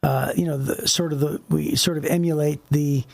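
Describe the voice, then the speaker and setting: A man's voice: a little high, steady tone, normal speed, creaky, a little mellow. A middle-aged man co-hosting a faith podcast, talking in a loose, rambling way and acting out quotes. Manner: rambling, acts out quotes in little voices. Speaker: podcast co-host. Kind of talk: casual faith discussion.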